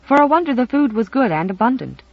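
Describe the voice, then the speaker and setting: An audiobook narrator reading a novel with expressive storytelling. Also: high-pitched, fast talker, lo-fi sound.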